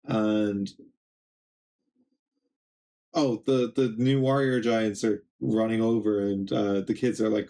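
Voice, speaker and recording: A young man streaming a live reaction, reading a comic aloud and reading its dialogue in his plain voice, in a casual, halting way. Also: fairly low pitch, steady tone, warm tone.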